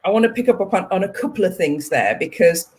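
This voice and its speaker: A woman's voice: lowish voice, animated, fast, a little mellow, breathy edge. A woman hosting an interview who listens supportively and then picks up on her guest's points. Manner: supportive, gives frequent short agreements. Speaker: host. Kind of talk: conversational interview.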